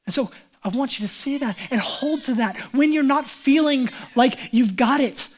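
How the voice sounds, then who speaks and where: A man's voice: very high voice, normal speed. A man preaching a sermon as pastor, talking casually and conversationally with many "like"s and acting out Bible figures in quoted speech. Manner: casual and conversational, heavy use of "like".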